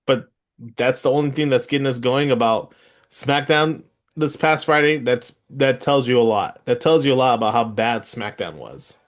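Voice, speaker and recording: A middle-aged man co-hosting a podcast, arguing hotly and incredulously, his voice jumping up in loud outbursts. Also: mid-range voice, normal speed. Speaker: podcast co-host. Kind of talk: heated casual podcast debate.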